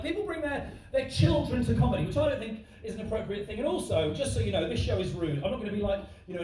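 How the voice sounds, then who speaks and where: A man doing live stand-up in a large theatre, teasing the audience with cheeky, rapid banter. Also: sits high, mellow. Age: 20s. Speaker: stand-up comedian. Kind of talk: live stand-up set with crowd work. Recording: echoey theatre from far, crowd. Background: audience laughter.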